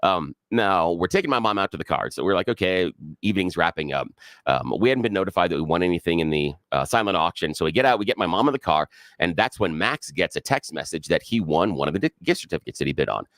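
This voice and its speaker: Fast, animated American radio host. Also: male voice, low-pitched, no echo, studio quality. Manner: animated, lively storytelling with laughs. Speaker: radio talk show co-host. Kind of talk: casual storytelling on talk radio.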